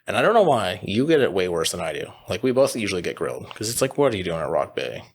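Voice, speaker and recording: A man from Canada, a butcher and business co-owner, telling animated anecdotes as a podcast guest, acting out the people in his stories. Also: sits low, fast, slightly rough. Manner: animated anecdotes with quoted voices and laughter. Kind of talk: casual podcast storytelling.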